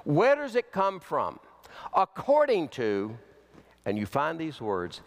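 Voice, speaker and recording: A man preaching a sermon as pastor, slow and emphatic, with big swings in pitch. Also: huge pitch swings, vocal fry. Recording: long hall reverb.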